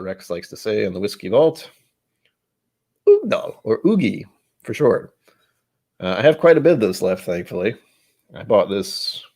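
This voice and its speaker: A man from the States hosts a whisky tasting on a casual livestream from his home, his voice sitting a little low. He rambles, mutters to himself while setting up, and pokes fun at himself between sips. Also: gravelly. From United States. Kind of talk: casual solo livestream chat. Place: home room, seated at a desk with glasses.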